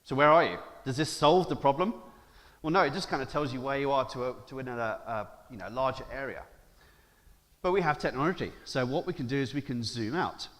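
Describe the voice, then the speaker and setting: A man's voice: mid-range voice, a little fast, a bit bright. Playful man giving a keynote in a hall. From Jersey. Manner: playful, jokey, addresses audience with questions. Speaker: keynote speaker. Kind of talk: conference keynote talk. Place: large conference hall. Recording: hall reverb from stage mic.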